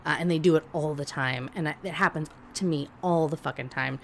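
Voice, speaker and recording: A woman with a low voice tells a story on a podcast in blunt, profane casual chat. She is animated and laughs as she goes. A faint background hiss sits under her voice. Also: fairly quick, creaky. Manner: animated, laughs while telling. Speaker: podcast co-host.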